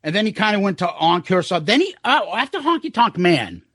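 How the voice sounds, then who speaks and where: A man's voice: high-pitched, very animated, brisk, fairly bright tone, no echo. A man co-hosting a podcast, telling a long rambling concert story in casual chat, full of quoted asides and swearing. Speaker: podcast co-host.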